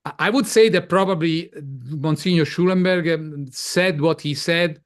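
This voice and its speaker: Halting Italian-accented man. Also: fairly high pitch. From Italy. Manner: halting, repeats words often. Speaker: guest. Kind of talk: casual interview talk.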